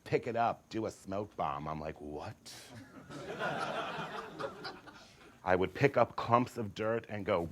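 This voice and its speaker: A man's voice: deep voice, expressive, takes it slowly, pauses often, noisy background. A man telling a comic personal story in a theatrical, campy way, acting out other people's voices with sassy asides. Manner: theatrical, acts out voices with big swings.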